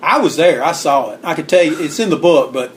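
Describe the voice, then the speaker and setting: A man on an interview, spinning stories with animated energy and acting out what people said. His voice sits a little high, and he clears his throat now and then. A faint hiss runs underneath. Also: a little fast. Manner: animated storyteller acting out quotes. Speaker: guest author. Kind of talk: storytelling interview.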